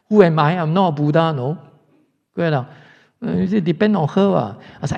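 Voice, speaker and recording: Singaporean monk lecturing, kinda high mellow voice, dull hall recording. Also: male voice, moderate pace, creaky. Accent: Singaporean English. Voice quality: chatty, rhetorical questions to the class. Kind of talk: dharma class lecture.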